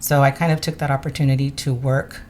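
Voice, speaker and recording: Low-voiced woman telling lively stories. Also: quick pace, a little hiss or hum. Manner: animated storyteller, acts out quoted voices. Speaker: podcast guest, music teacher. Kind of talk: casual interview chat.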